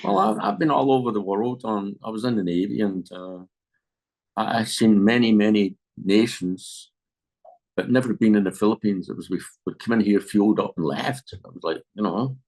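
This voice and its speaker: A man in his seventies, a guest in an interview, telling lively anecdotes in a casual way. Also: lowish voice, moderate pace, rough recording. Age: 70s. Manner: chatty, animated anecdotes with quoted voices. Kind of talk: casual storytelling.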